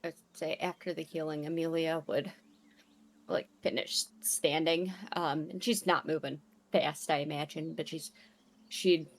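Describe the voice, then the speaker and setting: Soft, slow-speaking woman player. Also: deep voice, steady tone, a little hiss or hum. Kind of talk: casual tabletop play.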